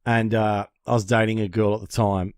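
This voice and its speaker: A man telling a story in casual podcast chat. He swears freely and tells it in an animated way. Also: on the low side, moderate pace, gravelly, no room sound. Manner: animated, profane storyteller who acts out panicked voices. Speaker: podcast co-host.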